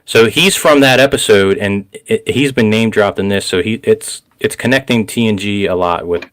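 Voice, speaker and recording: A man hosting a casual recap chat, rambling, laughing often and getting excited. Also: lowish voice, moderate pace. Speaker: podcast host.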